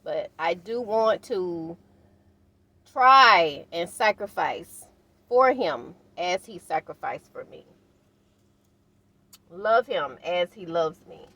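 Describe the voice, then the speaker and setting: Slow-talking older woman vlogging. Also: lowish voice, animated, sharp tone. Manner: unhurried, encouraging, talks to viewers as guys. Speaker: van life vlogger. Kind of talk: casual vlog while cooking. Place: inside a parked van.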